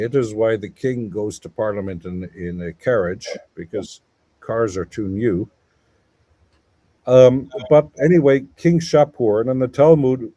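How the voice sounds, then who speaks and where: A man's voice: medium pitch, warm tone, no echo, rough recording. A man speaking as a guest scholar in a live panel discussion, explaining at length in a digressive, lecturing way. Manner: mutters while searching for notes.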